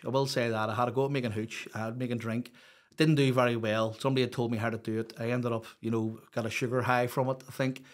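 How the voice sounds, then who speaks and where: A middle-aged man with a Northern Irish accent, a podcast guest telling stories in a rambling, blunt, sweary way. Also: mid-range voice. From Northern Ireland. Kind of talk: casual storytelling chat.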